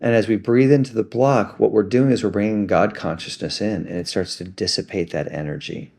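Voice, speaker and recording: Soft-spoken self-help guy, deep and gravelly, calm and reflective. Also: fairly quick.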